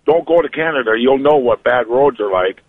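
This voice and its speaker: A man's voice: medium pitch, animated, a little fast, no room sound. A man calling a radio show as a truck owner-operator, angry and frustrated as he rants. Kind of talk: radio call-in. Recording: phone-line audio, dry.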